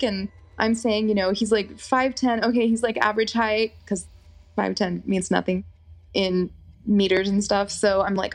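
A woman's voice: medium pitch, moderate pace. A young woman telling a personal story in a casual, chatty way, full of fillers. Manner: animated, chatty, lots of fillers.

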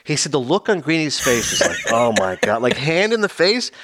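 A man co-hosting a casual podcast, quick and chatty. His voice sits a little high and swings up and down a lot as he tells stories. He slips into the voices of the people in his tales. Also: background noise. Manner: animated storyteller, acts out quoted voices. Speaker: podcast co-host. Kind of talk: casual chat.

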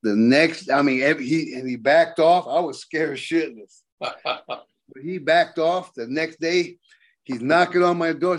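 An older man, a guest on a podcast, telling wrestling road stories in casual, animated talk, acting out the quotes. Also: fairly high pitch, unhurried. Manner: animated storyteller, acts out quotes. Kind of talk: casual storytelling.

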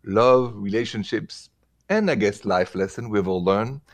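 A man's voice: on the low side, unhurried. French-accented male advice show host. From France. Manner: friendly, mixes in French greetings.

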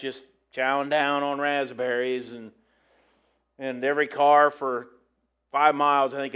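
A middle-aged man speaking from the pulpit in a loose, folksy sermon. His talk rambles and halts, full of fillers and restarts, and his pitch sits in an ordinary middle range. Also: a bit bright, smooth. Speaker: pastor. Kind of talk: casual sermon storytelling.

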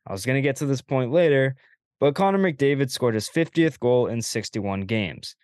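A man hosting a casual sports podcast, relaxed and agreeable, laughing often and passing questions to guests. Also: mid-range voice, moderate pace, dry recording, clean studio sound. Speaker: podcast host.

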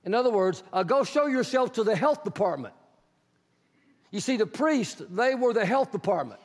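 A man delivers a sermon in a very high voice, telling the stories with lively energy and acting out the people in them. At points he rises into shouting. His voice rings with a long reverb, as if in a large hall. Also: moderate pace. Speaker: preacher.

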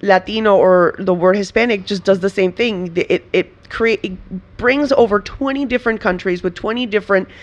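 Animated laughing woman from Venezuela. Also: mid-range voice, normal speed, few pauses, highs cut off. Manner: animated, laughing, many restarts. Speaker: comedian guest. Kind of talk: casual interview chat.

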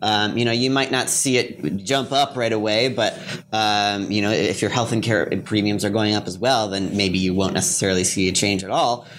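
A man's voice: fairly low pitch, steady tone, moderate pace, fairly bright tone. A young man, a guest commentator in a political discussion, explaining at length with many fillers.

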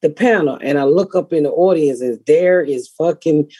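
A raspy middle-aged woman, a comedian hosting a podcast and telling blunt, profane stories. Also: sits low, moderate pace, warm tone, no echo. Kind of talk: casual podcast chat.

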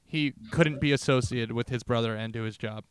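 An American man with a medium-pitched, smooth voice talks a little fast, with no room sound. Co-hosting a casual comedy podcast, he jokes with a friend and stumbles over his words with stammering restarts.

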